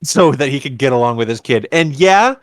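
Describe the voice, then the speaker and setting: A man co-hosting a podcast, chatting casually about a film and acting out the characters' lines in an animated way. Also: medium pitch, brisk, no room sound, studio quality. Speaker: podcast co-host. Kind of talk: casual movie review chat.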